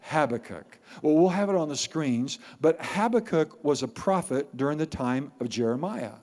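A man preaching a sermon as pastor, animated and playful, repeating words for emphasis. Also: on the high side, normal speed. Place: church sanctuary. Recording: long reverb of a large hall.

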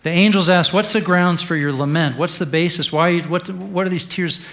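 A male pastor preaching an Easter sermon in a conversational way, dropping to a hush and then rising to stress a point. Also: high-pitched, moderate pace. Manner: conversational preaching, swings from hushed to emphatic.

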